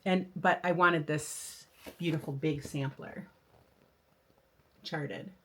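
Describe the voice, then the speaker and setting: An older woman hosts a casual flosstube show-and-tell, talking enthusiastically about her new patterns with frequent fillers and restarts. Her deep voice is steady, slow, and fairly bright in tone, with a little hiss or hum on the recording.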